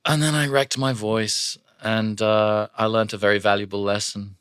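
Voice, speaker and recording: Male voice actor guest, low voice, animated storyteller, dry studio sound. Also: moderate pace, clear, resonant tone, no room sound. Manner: animated, acts out voices and shouts in his stories. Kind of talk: casual storytelling chat. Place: podcast studio.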